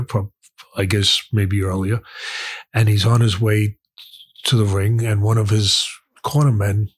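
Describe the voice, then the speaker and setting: With a low voice carrying a breathy edge, a middle-aged boxing trainer and commentator tells stories as an interview guest, repeating phrases to drive his points home.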